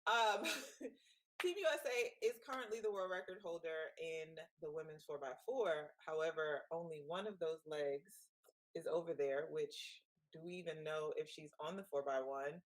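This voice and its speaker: A woman co-hosting a casual live chat in an animated, gossipy way. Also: low-pitched, normal speed, poor audio. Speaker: co-host.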